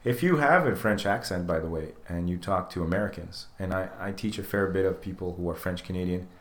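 A podcast host with a low voice chats casually at a fairly quick pace, animatedly telling stories and acting out the lines he quotes. The recording has a roomy echo.

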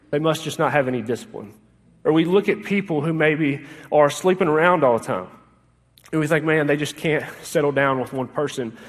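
A young man preaches with a high, light voice, telling stories in a chatty, joking way full of "like" fillers. His voice rings through a church hall with a long reverb. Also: a bit bright. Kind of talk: sermon with personal stories. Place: church sanctuary.

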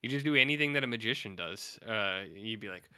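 A man co-hosting a podcast, chatting casually about horror movies, rambling and mumbling flat asides. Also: on the low side, brisk, clean tone, dry recording, clean studio sound. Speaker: podcast co-host.

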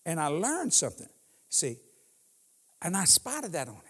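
A man's voice: on the high side, huge pitch swings, normal speed, fairly bright tone, slightly rough, long reverb tail. A man in his sixties preaching as a guest in a church, telling humorous stories and laughing often. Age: 60s. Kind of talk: sermon.

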